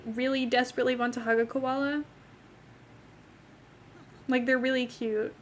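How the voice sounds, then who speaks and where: A woman's voice: high voice, flat delivery, moderate pace, slight background noise. A young woman streamer chats casually with her viewers while playing a life-sim game. She rambles from topic to topic and talks to both her chat and the game's characters. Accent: not from England.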